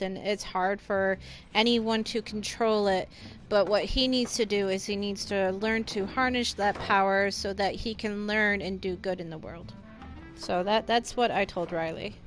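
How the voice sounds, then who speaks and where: A woman's voice: medium pitch, steady tone, a little slow. A woman streaming a game live, chatting casually with viewers in a rambling, reactive way. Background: faint game music.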